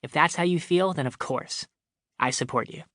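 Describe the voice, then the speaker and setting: A gentle, caring young pregnant wife, as a man reading the story puts her on. Her voice sits higher than the reader's and sounds bright. The recording is close and dry. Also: normal speed, no room sound, lightly acted. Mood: tender.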